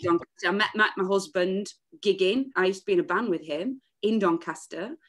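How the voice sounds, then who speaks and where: A woman in her thirties from England chats about her music as a podcast guest. She is lively and laughs easily, and her pitch sits in the middle range. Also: fairly quick. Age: 30s. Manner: chatty, laughs often, animated. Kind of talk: casual podcast chat.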